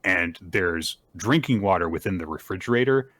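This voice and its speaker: Man, podcast host, deep voice, retelling manga, lots of fillers and swearing. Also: expressive, a bit bright. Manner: rambling retelling with fillers and profanity; plays characters' lines in quick put-on voices. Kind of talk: casual manga recap.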